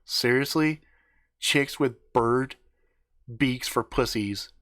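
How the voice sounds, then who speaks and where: A man's voice: mid-range voice, slow pace, fairly bright tone, no room sound, clean studio sound. A man voicing an exasperated young man who curses in disbelief. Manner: exasperated, cursing.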